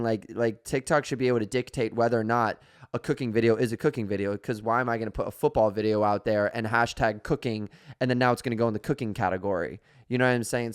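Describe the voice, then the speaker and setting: A young man co-hosting a casual podcast, talking in a lively, storytelling way and slipping into quoted voices for his reactions. His voice is smooth and clear, sitting in a middle pitch. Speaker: podcast co-host. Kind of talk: casual chat.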